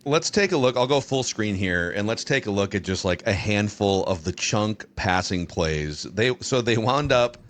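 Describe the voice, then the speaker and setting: A man hosting a football podcast, setting up topics in a brisk, conversational way. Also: lowish voice, expressive, a bit bright. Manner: brisk, conversational host patter. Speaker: podcast host. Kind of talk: casual sports talk.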